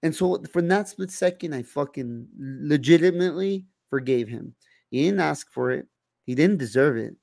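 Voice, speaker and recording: A young man with a gravelly, fry-edged voice chats casually as a podcast co-host. He talks loosely and swears a lot, full of "like" and "you know". The sound is dry and close. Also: fairly high pitch, animated, moderate pace, a little mellow, no room sound. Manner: loose, heavy swearing, many fillers and restarts. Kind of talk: casual chat.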